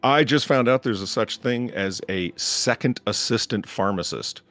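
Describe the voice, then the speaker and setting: A man in casual stream banter, gruff and swearing, stammering as he restarts. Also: medium pitch, normal speed, fairly bright tone, faint music behind. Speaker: co-host.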